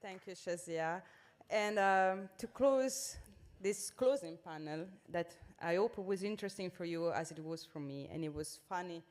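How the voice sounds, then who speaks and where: A woman chairing a closing panel, polite and slightly halting as she hands over the floor. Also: fairly low pitch, darkish tone. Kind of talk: formal event moderation.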